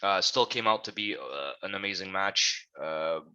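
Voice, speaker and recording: A man's voice: low-pitched, pushed and bright, clear, resonant tone, lo-fi sound. A man, co-hosting a casual wrestling podcast with enthusiastic remarks and somewhat broken phrasing. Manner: enthusiastic, quick agreements, slightly broken phrasing. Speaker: podcast co-host. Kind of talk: casual chat.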